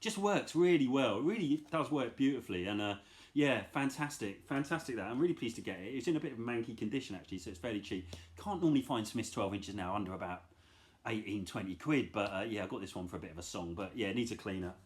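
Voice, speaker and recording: A middle-aged vinyl collector vlogger chats casually about his record finds in a fairly low, expressive voice, talking fast. He's enthusiastic and rambling, with self-deprecating asides.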